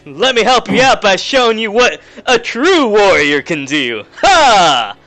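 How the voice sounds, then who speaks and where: A man voicing a boisterous male warrior who yells battle cries. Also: high voice, sing-song, measured pace, soft background music, pitched above the performer's own voice, exaggerated voice. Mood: exuberant. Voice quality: loud, whooping.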